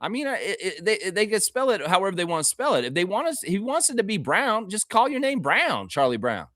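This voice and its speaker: A man hosting a casual live-stream sports show for fans, reading chat comments aloud, animated and profane, laughing often. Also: sits high, a little fast, dry recording, clean studio sound. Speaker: fan show host.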